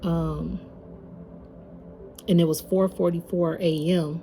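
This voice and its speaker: Woman tarot reader, low voice, at home, chatty and slangy. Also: little pitch movement, slow, mellow, slight background noise. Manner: chatty, slangy, addresses viewers as y'all. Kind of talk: casual spiritual reading.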